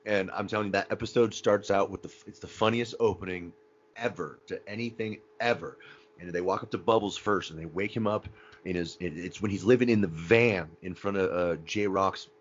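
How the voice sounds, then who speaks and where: A man's voice: low voice, a little fast, muffled recording. A man co-hosting a podcast, chatting casually and animatedly about favorite episodes, often acting out quotes and laughing. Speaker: podcast co-host. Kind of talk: casual fan chat.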